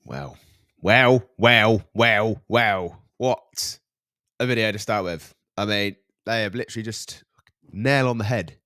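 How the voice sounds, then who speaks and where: A man hosting a reaction channel, chatting casually and playfully with sudden loud jumps. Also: fairly low pitch, expressive, normal speed, no room sound, studio quality.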